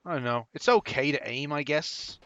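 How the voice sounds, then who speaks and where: Male let's-play commentator, bright and sarcastic, profane, dull lo-fi audio. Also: on the high side, moderate pace, clean tone. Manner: profane, sarcastic, laughing asides. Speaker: gameplay commentator.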